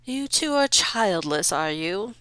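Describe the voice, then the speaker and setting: A woman voicing a scheming noble count who speaks in a smooth, measured, condescending way. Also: medium pitch, very animated, pushed and bright, no echo, exaggerated voice, poor audio.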